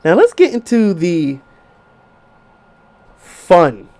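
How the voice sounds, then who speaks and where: A man's voice: sits high, huge pitch swings, very slow, warm tone. A man in his twenties hosting a podcast, giving blunt, profane relationship advice in a casual rant. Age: 20s. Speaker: podcast host.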